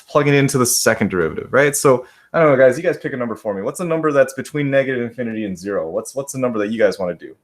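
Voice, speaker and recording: A male math teacher talks his class through a problem in a relaxed way. He keeps checking in with "right?", says his students' names and jokes a little at his own expense. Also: medium pitch. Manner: casual, checks in often with "right?"; talks to students by name, self-deprecating asides. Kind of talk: live classroom lesson.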